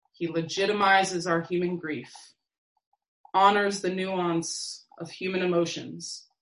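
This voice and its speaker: Woman preacher, calm measured sermon delivery, recorded in a roomy space. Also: on the low side. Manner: slow, measured, reflective delivery with long pauses.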